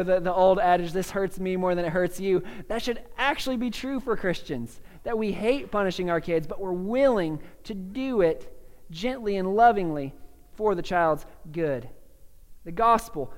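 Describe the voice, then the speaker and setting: A young man preaching a sermon as pastor, speaking earnestly and conversationally, with restarts and soft laughs. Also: sits high, long reverb tail.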